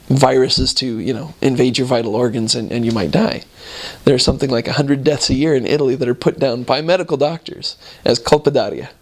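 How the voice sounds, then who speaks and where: Relaxed man recalling mission life. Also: mid-range voice. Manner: relaxed, rambling, chuckling between points. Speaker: returned missionary. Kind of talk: casual storytelling about mission life.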